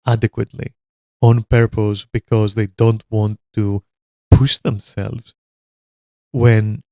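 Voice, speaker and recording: A man's voice: on the low side, no echo. A man giving heated, profane commentary on online gaming, swearing constantly and mocking people as he goes. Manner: animated and mocking, laughs at his own jokes. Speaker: commentator reacting to a video.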